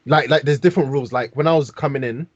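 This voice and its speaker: A man's voice: mid-range voice, fast, dry recording. A man from London with a London accent, animatedly telling stories on a casual podcast, heavy with slang. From London, England. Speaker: podcast host. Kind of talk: casual storytelling. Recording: dull dry podcast mic.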